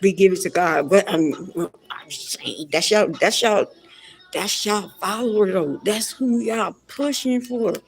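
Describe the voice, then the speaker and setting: A woman's voice: medium pitch, a little slow, breathy edge. A woman giving ranting pop culture commentary in a blunt, repetitive and exasperated way.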